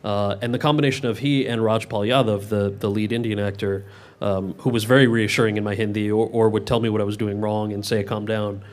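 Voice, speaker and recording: At a public Q&A event with a live audience, a male actor answers questions in a lowish, steady, brisk voice. He is candid and frequently restarts his sentences.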